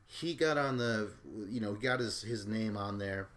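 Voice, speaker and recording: Low-voiced man rambling through a podcast recap. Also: moderate pace, fairly bright tone. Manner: rambling and offhand, swears casually. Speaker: podcast host. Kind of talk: casual recap commentary.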